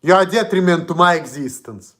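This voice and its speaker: A man's voice: high voice, lively intonation, a little fast, fairly bright tone. A man with a Russian accent, streaming an indignant, profane, repetitive rant. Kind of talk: ranting monologue.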